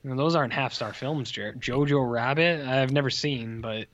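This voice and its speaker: A man's voice: mid-range voice, normal speed, fairly bright tone. Joking man on a dull podcast mic. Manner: joking, rambling, slips into mock exclamations. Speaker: podcast co-host. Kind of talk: casual movie review chat.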